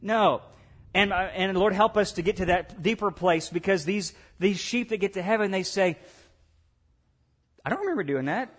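A man's voice: high-pitched, steady tone, normal speed, fairly bright tone. A man preaching a sermon, acting out voices of God and the believers as he tells the story. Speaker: pastor.

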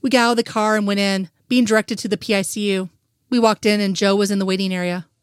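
Woman narrator, brisk even read-aloud, dry close mic. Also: mid-range voice, clean tone, dry recording. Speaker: story reader. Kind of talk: reading romantic fan fiction aloud.

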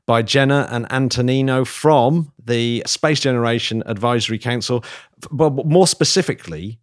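A man's voice: mid-range voice, moderate pace. A man hosting a podcast in casual chat, rambling and restarting his sentences, laughing often. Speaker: podcast host. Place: remote call.

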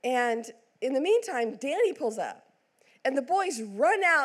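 A middle-aged woman pastor tells a family story from the pulpit in a slightly high voice. She throws herself into the quoted lines, swinging her voice up and down as she goes. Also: normal speed. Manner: animated, acts out quotes with big swings in voice. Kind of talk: sermon storytelling.

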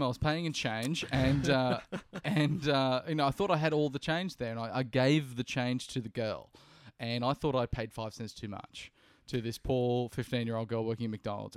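A young Australian man co-hosting a podcast, telling an animated anecdote and acting out the other people in it. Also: medium pitch, no echo, clean studio sound. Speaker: podcast co-host. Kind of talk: casual chat.

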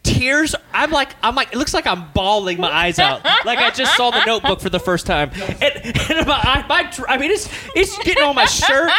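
A man from Louisiana hosts a casual podcast, his voice bright and tense. He tells stories with a lot of swing in his pitch, laughing and swearing as he acts out the quotes. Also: sing-song, brisk, few pauses, a little hiss or hum. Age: adult. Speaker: podcast host. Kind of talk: casual storytelling chat.

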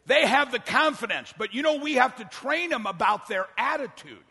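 An older male pastor delivers a fiery sermon, often shouting and racing through quick asides. His voice sits high and bright, cutting through the long reverb of a big church hall. A congregation can be heard faintly behind him. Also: animated, creaky, husky. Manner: preaching loudly with fast asides, often shouting.

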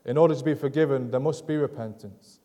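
A man preaching a sermon in an earnest, measured way, driving points home through repetition. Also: mid-range voice, warm tone, in a large hall. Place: church sanctuary.

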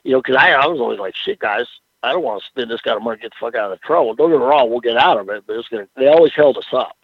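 Older man, raspy, animated, cussing storyteller; dull radio-quality sound. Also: medium pitch, rapid-fire, no room sound. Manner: profane, rambling storyteller with frequent "you know what I'm saying". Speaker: former pro wrestler, interview guest. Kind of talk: casual storytelling interview.

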